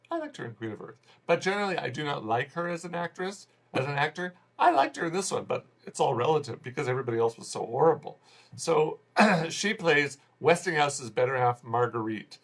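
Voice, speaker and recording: A man's voice: medium pitch, a bit bright. A man giving a casual spoken movie review, rambling and exasperated, often restarting his sentences. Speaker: film reviewer.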